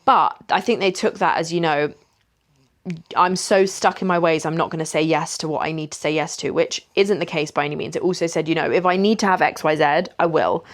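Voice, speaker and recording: A young woman speaks in a slightly low voice. She talks casually and candidly, chatty, sprinkling in "like" and "you know" as she recounts her own experience. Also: fairly even intonation, fairly quick. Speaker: vlogger. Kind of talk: casual storytelling.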